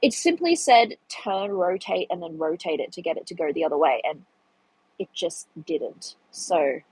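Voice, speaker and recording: A woman's voice: on the low side, lively intonation, moderate pace, a little mellow, slightly rough, no echo, low-quality recording. A young woman, hosting a casual live stream and chatting through the chat with a self-deprecating manner. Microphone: phone.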